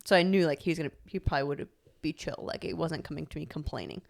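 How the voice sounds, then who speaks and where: A young woman co-hosting a podcast, telling a story in animated casual chat, full of "like" and laughter. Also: low-pitched, fast, gravelly. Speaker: podcast co-host.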